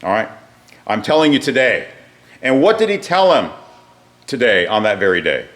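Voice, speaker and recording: A man's voice: mid-range voice, big pitch swings, moderate pace, fairly bright tone. A man teaching a Bible class, explaining a passage step by step and putting questions to his listeners.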